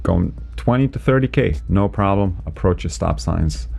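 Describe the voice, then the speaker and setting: A man who is a driving instructor, explaining winter driving in a relaxed, chatty way from inside his car, with lots of "you know" and "right?". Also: sits low, normal speed, creaky, faint music behind. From Canada. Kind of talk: casual instructional commentary while driving.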